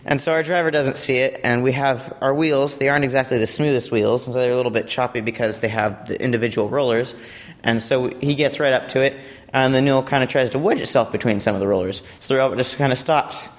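A man's voice: medium pitch, fairly even intonation, fast talker. A young man from a robotics team giving a casual, rambling explanation of a competition robot, with playful asides.

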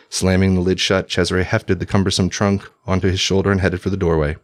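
A male narrator reading a historical tale aloud. His voice is low and deep, and his delivery is measured and formal. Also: little pitch movement, dry recording. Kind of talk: audiobook narration.

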